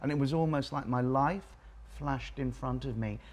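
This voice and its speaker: A man's voice: mid-range voice, normal speed, darkish tone. An English man in his forties, a co-host speaking in a reflective, thoughtful way during a casual panel chat. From England.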